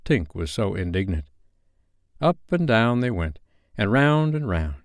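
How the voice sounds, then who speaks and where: A man reading a classic children's novel aloud as a bedtime story, in an expressive, lively manner. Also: on the low side, unhurried, no room sound, clean studio sound.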